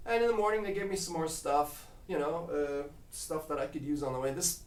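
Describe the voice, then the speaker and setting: A man's voice: on the high side, fairly quick. A man telling a casual travel story at home, rambling with lots of fillers. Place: home kitchen. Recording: roomy kitchen, mic at a distance.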